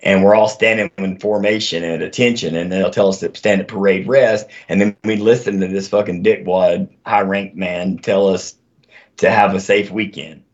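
On a dull, lo-fi recording, a guest who's an army veteran tells animated, profanity-laced stories in a casual chat. He speaks in a low voice at a normal speed.

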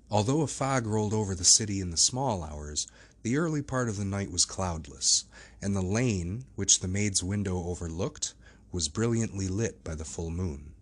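A man narrating a classic novel as an audiobook. His voice is low and a little husky. He tells the story at a measured pace. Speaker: audiobook reader. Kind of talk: scripted narration.

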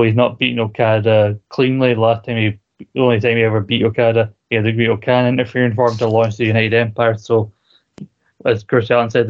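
A man's voice: medium pitch, darkish tone. A man co-hosting a podcast, chatting casually about wrestling, laughing often and swearing freely. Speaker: podcast co-host. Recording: dull lo-fi recording.

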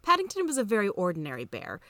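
A woman reads a children's story aloud in a steady, even storytelling manner. Her voice sits mid-range, and the recording is dry and close with no room echo. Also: mid-range voice, fast talker. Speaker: podcast reader. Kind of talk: scripted storybook narration.

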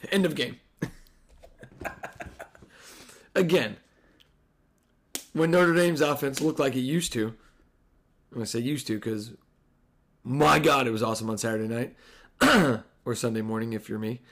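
A hoarse man hosting a casual sports podcast, excitable and profane, rambling with restarts. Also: mid-range voice, measured pace, pauses often. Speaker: podcast host.

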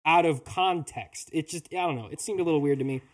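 A man's voice: a little high, fast talker. A man co-hosting a podcast in casual chat, rambling with lots of filler words. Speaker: podcast co-host.

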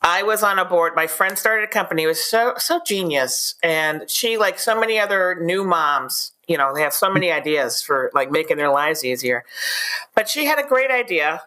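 A woman guest in an interview, a PR expert telling animated anecdotes in a blunt, straightforward way. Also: fairly low pitch, moderate pace. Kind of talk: casual interview storytelling.

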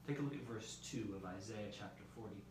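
A male pastor delivers a measured sermon, his lines trailing off quietly at the ends. He is heard from some distance in a very echoey room. A faint hiss sits underneath. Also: on the low side. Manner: measured preaching, dropping softly at phrase ends. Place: church meetinghouse or similar room, streamed live.

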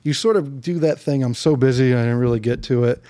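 A man hosting a casual podcast interview, talking in a relaxed, reflective way. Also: mid-range voice, a little fast. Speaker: podcast host.

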